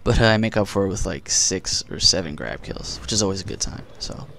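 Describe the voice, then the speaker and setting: A man's voice: low voice, animated, a little fast, creaky, pushed and bright, a little hiss or hum. A man doing casual gameplay commentary in a just-woken morning voice, chatty and rambling with self-mocking jokes. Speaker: gaming commentator.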